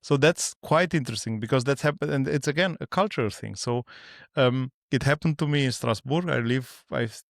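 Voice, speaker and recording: A man's voice: medium pitch, fairly quick, gravelly, no room sound, clean studio sound. A man speaking as a podcast guest in casual conversation, in non-native English, often restarting and searching for words.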